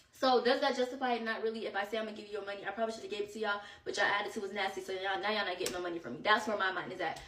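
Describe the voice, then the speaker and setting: A young woman telling a story in a casual storytime vlog, animated and exasperated as she recounts it. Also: medium pitch, brisk. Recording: echoey room, far from the mic.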